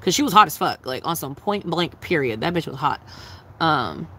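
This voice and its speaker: A woman's voice: sits low, very animated, normal speed, pushed and bright, slightly rough, low-quality recording. A young woman chatting casually on a livestream, answering her chat in a blunt, profane, giggly way.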